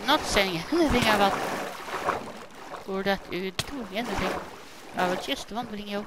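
A woman's voice: a little high, moderate pace, long pauses, noisy background. A woman hosting casual gameplay commentary, chatty and exclaiming, talking back to the characters on her screen. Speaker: gaming channel host.

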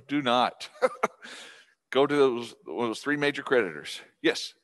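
A man's voice: medium pitch, animated, slow, a bit bright. A middle-aged man giving a casual, folksy talk to a class of seniors, chatty with restarts. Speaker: guest speaker on scam prevention.

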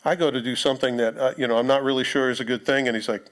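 A pastor, preaching a sermon in a conversational way, with joking asides to the congregation. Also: male voice, mid-range voice, fairly even intonation, rapid-fire, few pauses. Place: church sanctuary.

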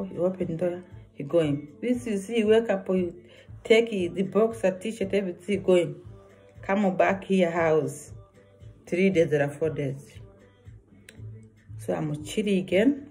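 Slow, earnest woman vlogger. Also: fairly low pitch, mellow, faint music behind. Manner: earnest, repetitive, broken English. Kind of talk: personal warning vlog.

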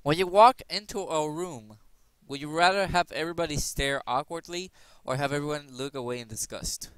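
A man's voice: fairly high pitch, normal speed, fairly bright tone, clear, resonant tone, no room sound. A young man hosting his channel, rambling and joking his way through quiz questions, now and then breaking into silly voices. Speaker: gaming channel host. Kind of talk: casual commentary playing a quiz game.

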